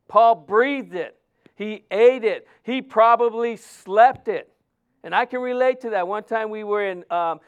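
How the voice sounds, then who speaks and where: A man preaching a sermon in a fairly high voice that stays smooth and resonant. He tells personal stories with animation and slips into other people's voices as he quotes them. He is a pastor of Mexican heritage. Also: highs cut off.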